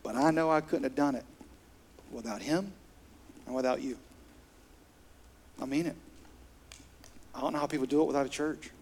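A man's voice: medium pitch, normal speed, pauses often. A middle-aged man, preaching a sermon as pastor in an earnest, conversational way. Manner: earnest, conversational, with soft laughs.

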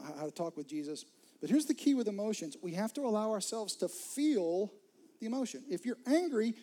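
A man's voice: sits high, warm tone. A man preaching a sermon as pastor, earnest, repeating words and sometimes dropping to a near whisper.

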